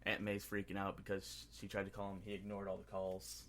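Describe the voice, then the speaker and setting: A man co-hosting a casual movie review podcast, excitedly recapping scenes and slipping into quick impressions of the characters. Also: low-pitched, slight background noise. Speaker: podcast co-host.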